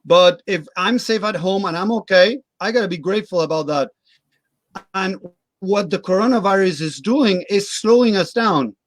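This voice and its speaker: A man's voice: high voice, moderate pace, dry recording. A middle-aged man, a guest coach in a casual interview, explaining his views earnestly with everyday examples.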